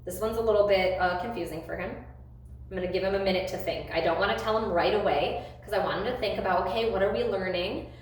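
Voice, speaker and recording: A woman's voice: mid-range voice, quick pace. Echoey woman dog trainer praising. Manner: frequent short praise to the dog between explanations. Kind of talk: live dog-training commentary. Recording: very echoey with faint noise.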